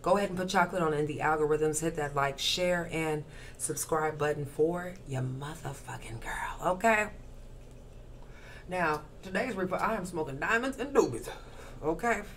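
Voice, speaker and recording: A woman gives a casual tarot reading to camera, brash, profane and slangy, rattling off rhythmic lists while smoking and crunching ice as she talks. Her deep voice is a bit bright and moves at a moderate pace, with a little hiss or hum in the recording.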